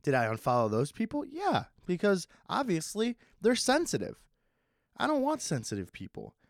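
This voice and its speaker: A man's voice: sits high, huge pitch swings, vocal fry, dry recording, studio quality. Sarcastic young man rambling on a podcast. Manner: sarcastic, swears a lot, swings between fast and slow. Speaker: podcast host. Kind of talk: casual solo podcast rambling.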